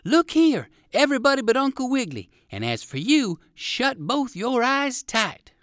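A woman voicing an excitable little male poodle dog in a storybook, high and bouncy. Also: moderate pace, dry recording, clean studio sound. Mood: urgent.

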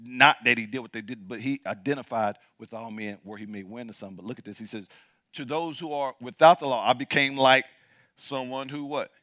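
A man's voice: fairly quick, no echo. A man preaching a sermon as pastor, reading scripture aloud and calling out questions to the congregation. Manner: builds from low and quiet to loud and high.

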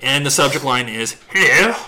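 A man's voice: mid-range voice, fairly quick, a crowd in the background. A man hosting a podcast, chatting casually and teasing, laughing often. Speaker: podcast host. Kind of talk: casual comedic banter.

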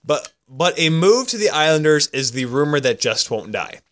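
Rambling podcast co-host, bright clear tone, goofy, keeps cutting himself off. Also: male voice, a little high, sing-song, moderate pace. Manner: rambling, goofy, self-interrupting storyteller. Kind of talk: casual banter podcast.

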